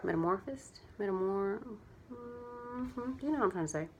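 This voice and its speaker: A woman's voice: fairly high pitch, normal speed, darkish tone, slight background noise. A chatty, earnest young adult woman talking casually in a heartfelt vlog, rambling a little as she explains why she sells clothing. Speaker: vlogger and clothing seller.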